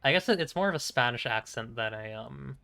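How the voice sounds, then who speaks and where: A man's voice: medium pitch, expressive, a little fast, vocal fry, pushed and bright, clean tone. A young man streaming a game, chatting casually in a rambling, hesitant way with frequent chuckles. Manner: rambling, hesitant, lots of fillers and restarts, chuckling. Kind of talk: casual chat while playing a game.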